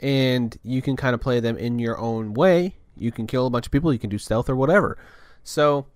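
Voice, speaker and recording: A man's voice: mid-range voice, fairly quick, clean tone, no room sound, clean studio sound. A young adult man hosting a podcast in a casual, rambling monologue full of fillers and restarts. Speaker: podcast host.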